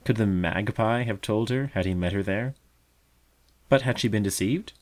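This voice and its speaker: Male storybook narrator, deeper voice, calm measured delivery.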